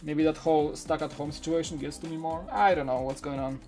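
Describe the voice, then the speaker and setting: A man's voice: fairly high pitch, steady tone, brisk, dark tone, faint music behind. A man hosting a toy-building live stream, chatting casually and candidly while answering viewer questions in a rambling way. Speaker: Lego channel host.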